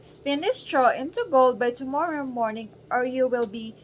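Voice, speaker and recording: A woman's voice: high voice, moderate pace, dull audio, slight background noise, lightly acted. A stern demanding king, as a mother reads him aloud.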